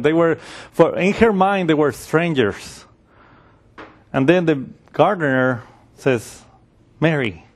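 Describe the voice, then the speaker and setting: A man preaching a sermon in a conversational way, acting out the voices of the people in his story. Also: a little high.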